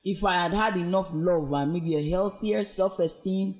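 A woman speaking as a podcast guest about her own experiences. She tells her story in an earnest, reflective way. She brings the quoted voices of others to life with lively, expressive shifts in pitch. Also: normal speed. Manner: animated, acts out quoted speech with big pitch swings. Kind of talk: personal storytelling in conversation.

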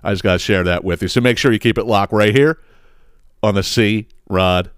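A man hosting his own podcast, telling a story in a casual, profane and animated way, acting out the quotes. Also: fairly low pitch, normal speed, slight background noise. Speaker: podcast host.

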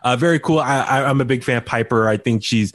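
A man's voice: mid-range voice, fast talker, a bit bright, no echo, studio quality. A man hosting a casual podcast recap, talking loosely with lots of fillers and restarts. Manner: chatty, many fillers and restarts. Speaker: podcast host. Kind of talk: casual wrestling recap chat.

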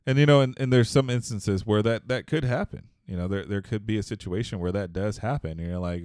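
A man's voice: on the low side, brisk, few pauses, darkish tone, dry recording, clean studio sound. A man from Texas, telling a story in a casual podcast chat, rambling with many fillers and restarts.

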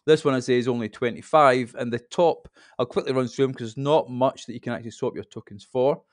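Man in his fifties, podcast guest, relaxed and rambling, dry room. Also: medium pitch, fast, no echo. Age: 50s. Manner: relaxed, rambling explanations with fillers. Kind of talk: casual chat.

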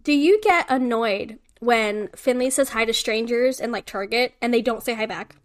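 A woman co-hosting a casual podcast, animated and emphatic as she talks about her kids, with a swear word here and there. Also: a little high, moderate pace. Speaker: podcast co-host. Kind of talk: casual chat.

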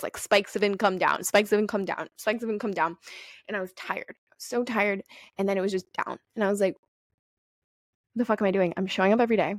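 A young adult woman hosting a solo podcast, telling personal stories in a candid, profane, animated way. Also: mid-range voice, dry recording, studio quality. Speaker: podcast host. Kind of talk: casual solo podcast monologue.

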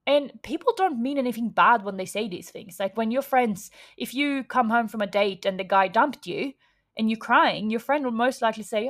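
A woman hosting a podcast in a casual coaching monologue. Her voice sits a little high, and she talks frankly, swears without hesitation, and drops into quoted inner voices as she goes. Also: moderate pace, fairly bright tone. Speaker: podcast host.

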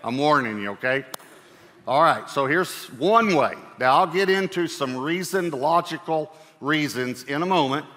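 A man preaching a sermon as pastor, talking in a relaxed conversational way with fillers and repeated phrases. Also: a little high, unhurried. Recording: reverberant church hall.

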